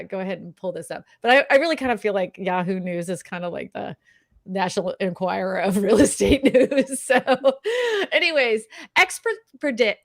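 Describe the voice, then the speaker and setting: A woman hosting a casual live stream, upbeat and quick to laugh, talking with many fillers and restarts. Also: mid-range voice. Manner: laughs often, upbeat and chatty; filler-heavy, restarts often. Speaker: real estate live stream host.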